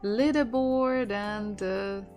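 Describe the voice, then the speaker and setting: A woman with a Russian accent teaching an online language lesson, patiently repeating words slowly so learners can practice. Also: medium pitch, a little mellow, faint music behind. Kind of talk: online language lesson, slow drilled pronunciation.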